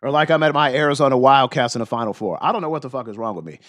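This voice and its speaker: A man hosting a livestream who reads news aloud and reacts in a loud, fired-up, profane way, losing his voice. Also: medium pitch, very fast. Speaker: livestream host. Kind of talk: livestream commentary and news reading.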